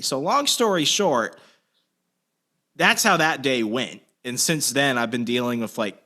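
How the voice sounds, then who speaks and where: Bright young guy telling a story, swears a lot, acts out the yelling. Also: medium pitch, measured pace. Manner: animated storyteller, swearing, acts out shouted quotes. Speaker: podcast co-host telling a story. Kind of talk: casual storytelling chat.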